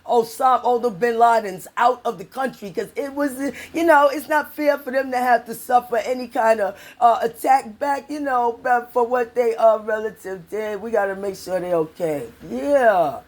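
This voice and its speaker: Her voice is slightly high and darkish in tone, moving at a moderate pace with hardly any pauses. A middle-aged New Yorker who vlogs on politics, she angrily swears her way through a rant, repeats herself for emphasis, and speaks to her audience as y'all.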